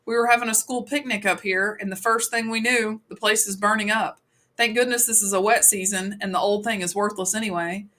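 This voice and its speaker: A woman's voice: medium pitch, steady tone, fairly quick, sharp tone, natural voice. Woman reading a good-natured grown man. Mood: reassuring.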